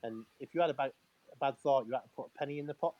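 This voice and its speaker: A man's voice: mid-range voice, rapid-fire, dull audio. A man, a former footballer, telling casual stories as a guest, laughing often and acting out quoted dialogue between restarts and fillers. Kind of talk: casual storytelling on a live talk-in.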